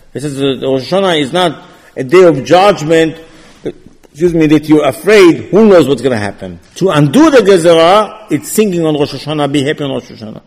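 A man's voice: medium pitch, a little mellow. Man teaching Torah in a reverberant hall. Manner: repetitive, conversational, restarts words, acts out dialogue. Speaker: rabbi teaching a Torah class. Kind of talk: informal religious lecture.

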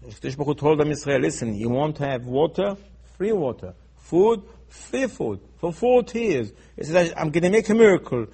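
A man teaching in a sermon style, emphatic and repetitive, acting out dialogue, going from soft asides to loud urgent stresses. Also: fairly high pitch, very animated, moderate pace, breathy edge. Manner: acts out dialogue in his teaching. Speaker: Torah teacher.

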